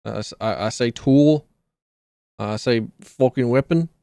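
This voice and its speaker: A man's voice: mid-range voice, lively intonation, moderate pace, a little mellow, dry recording, studio quality. A man streaming a video game live, chatting casually with viewers, joking, swearing freely and reading in-game documents aloud.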